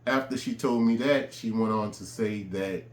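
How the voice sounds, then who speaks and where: A man casually telling a personal story in a relaxed, conversational way, with frequent fillers. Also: on the low side, moderate pace. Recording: roomy echo with faint ambience.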